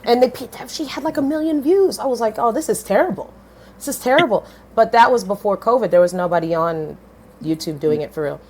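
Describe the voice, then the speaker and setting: A woman in her thirties, a podcast guest telling her story in a lively, blunt way, swearing casually and switching voices when she quotes people. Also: a little fast, husky. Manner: animated, swings pitch widely when quoting others.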